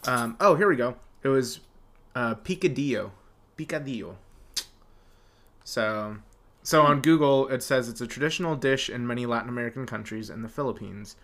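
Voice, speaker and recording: A man co-hosting a casual podcast, chatty and animated, laughing often as he tells stories. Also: medium pitch, fairly quick. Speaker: podcast co-host. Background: dog whining.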